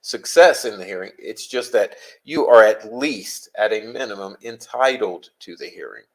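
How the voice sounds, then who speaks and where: In a rough recording, a man with a voice on the low side acts as a legal commentator, animatedly reading out legal passages. He explains them deliberately and puts stress on key phrases.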